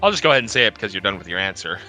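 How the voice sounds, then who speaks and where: A man's voice: fairly low pitch, very animated, very fast, pushed and bright, soft background music. A man commentating and interviewing racers after a race, chatty and rambling, laughing often. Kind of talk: casual post-race interview.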